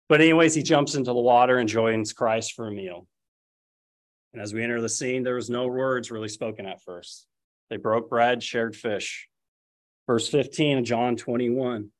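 Male preacher, mid-pitched, lively storytelling sermon, acts out the quotes. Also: normal speed. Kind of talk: expository sermon.

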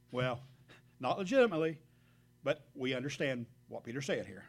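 A man's voice: mid-range voice, expressive, normal speed, vocal fry, breathy edge. A man giving a conversational sermon, speaking earnestly and addressing the congregation directly, with reflective asides between scripture readings. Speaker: preacher.

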